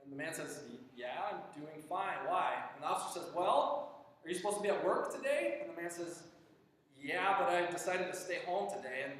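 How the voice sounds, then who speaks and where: A man preaching a sermon, telling a story in an animated way and acting out the dialogue with frequent restarts. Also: a little high, a little fast. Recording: echoey church hall, distant mic.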